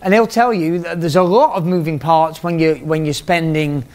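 A man with a fairly high-pitched voice talks casually to a group of business owners. He acts out back-and-forth exchanges and keeps checking in with "right?" as he makes his points. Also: steady tone, normal speed, darkish tone. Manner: conversational, acts out quoted exchanges, repeats "right?". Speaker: business mentor speaking to a mastermind group. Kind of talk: informal business talk to a group.

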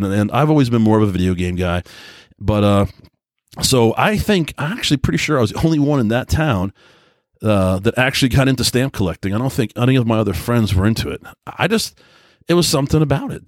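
A man in his forties talks alone into the mic for his podcast, wandering through memories at an easy mid pitch. He trips over his own words, stacks up fillers and pokes fun at himself. The sound is close and dry, with no room around him. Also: no echo. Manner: rambling, self-deprecating storytelling with frequent restarts and fillers. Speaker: podcast host. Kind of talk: casual solo podcast monologue.

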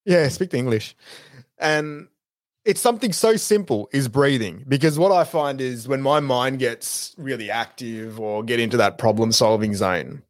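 A man's voice: mid-range voice, normal speed, no room sound. Man, co-host, casual podcast, reflective, dry close sound.

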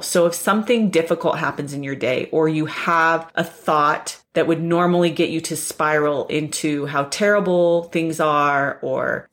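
A woman with a somewhat low voice hosts a self-help podcast on her own. She talks earnestly and leans on repeated rhetorical questions to drive her points home. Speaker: podcast host.

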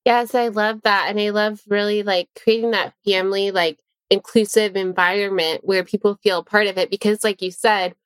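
A woman hosts a podcast and affirms her guest before moving on to a question. Her voice is mid-pitched and the sound is dry and close. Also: fairly even intonation, normal speed, hardly any pauses, clear, resonant tone, dry recording. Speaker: podcast host. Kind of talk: interview hosting.

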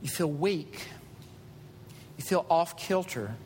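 A man preaching a sermon as pastor, animated, climbing to emphatic high peaks. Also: slow. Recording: reverberant hall with faint rumble.

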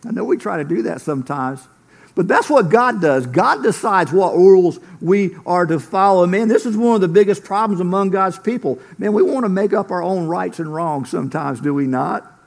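A man with a fairly high voice and a gravelly edge delivers a sermon from the pulpit. He preaches earnestly and tells stories from his ministry, often dropping in a casual "man". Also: moderate pace. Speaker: pastor.

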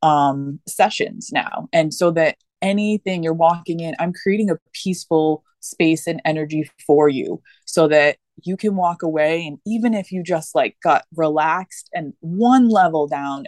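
A woman's voice: low voice, normal speed, a little mellow, dry recording. Earnest, rambling woman guest. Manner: earnest, rambling, many fillers and restarts. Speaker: podcast guest. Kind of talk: casual conversation.

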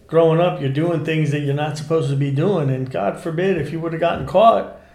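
A man, a former undercover cop, tells his stories in a lively, salty way and acts out what people said. His voice sits a little high for a man. The sound has the echo of a bare room. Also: brisk. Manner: animated, profane, acts out quotes. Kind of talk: casual storytelling interview.

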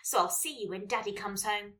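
A woman reading as a playful two-year-old family dog, chatting like a diary with excited barks. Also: medium pitch, brisk, far from the mic, lightly acted.

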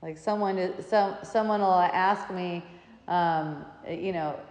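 A woman's voice: fairly low pitch, slow pace, darkish tone. A woman telling stories in a casual talk, meandering and often breaking into laughter. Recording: echoey room with long reverb.

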